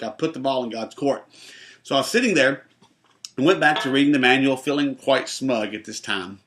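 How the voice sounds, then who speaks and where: A man, a pastor, telling a personal testimony in an animated way and acting out the voices in his story. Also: mid-range voice, brisk.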